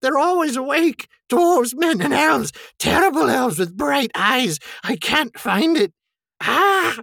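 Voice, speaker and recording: A man's voice: extremely high pitch, expressive, takes it slowly, vocal fry, pushed and bright, no echo, clean studio sound, voice pushed up, heavily acted. A man reading aloud and voicing a wretched, tormented creature that hisses, whines and sobs. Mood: sobbing torment. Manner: shrieking, sobbing, hissing.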